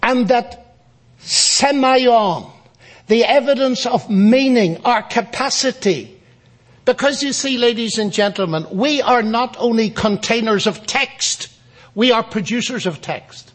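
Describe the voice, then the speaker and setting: A man's voice: very high voice, slow pace. A man giving a public lecture, telling a story in a wry, storytelling manner. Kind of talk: lecture with anecdote.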